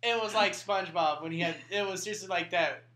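A man's voice: high-pitched, fast. A young man in casual, profane chat with friends, often laughing through his stories. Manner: laughing, crude storytelling. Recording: echoey room with chatter.

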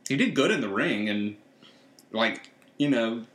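A man's voice: mid-range voice, lively intonation, measured pace, fairly bright tone. Rambling man in an echoey room. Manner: rambling, trails off and restarts often. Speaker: podcast co-host. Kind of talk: casual chat.

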